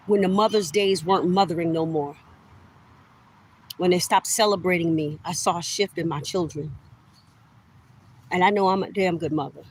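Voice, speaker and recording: A middle-aged woman vlogger rants straight to camera in a heated, accusatory way, repeating herself for emphasis and calling listeners "y'all." Her voice is fairly low-pitched, and the low-quality recording has slight background noise.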